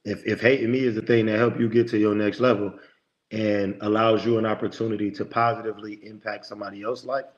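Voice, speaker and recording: Homme au ton emphatique de prédicateur, son un peu étouffé. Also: male voice, on the low side, little pitch movement, fast talker, muffled recording. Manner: emphatic, preachy, lots of quoted self-talk. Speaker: podcast guest, motivational speaker. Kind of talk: conversational interview talk.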